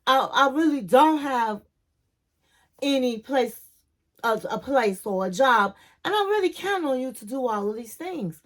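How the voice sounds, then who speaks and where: A woman's voice: high-pitched, lively intonation, unhurried. A woman from Chicago acting out an anxious young woman in her recap, stammering and pleading for help.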